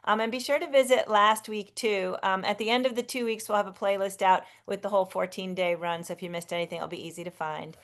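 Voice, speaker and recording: A woman hosts a live online sing-along from a video call. She is effusive and chatty, often stopping and restarting her sentences. Her voice is smooth and resonant, sitting at a middle pitch. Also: fairly even intonation, quick pace, hardly any pauses. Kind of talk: casual live-stream hosting.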